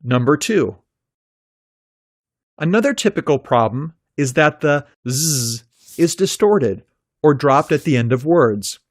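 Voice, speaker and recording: Slow, careful male pronunciation teacher. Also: on the high side, lively intonation, dry recording, studio quality. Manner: slow, careful, clearly articulated delivery. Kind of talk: scripted English pronunciation lesson.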